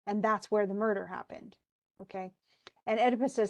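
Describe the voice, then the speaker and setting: A woman teaching a class, retelling a play in a lively, casual way with slangy asides. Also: medium pitch, brisk.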